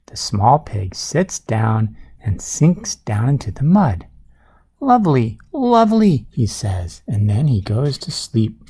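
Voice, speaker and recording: A man's voice: lowish voice, lively intonation, slow, hardly any pauses, warm tone, slightly rough. A man reading a storybook aloud at bedtime, with playful asides to a child listener. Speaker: storybook reader.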